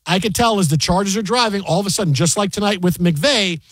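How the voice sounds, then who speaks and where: A man co-hosting a sports radio show, telling animated stories in casual banter from the studio. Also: high-pitched, fast talker, breathy edge, no room sound. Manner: animated storyteller, acts out crowd voices.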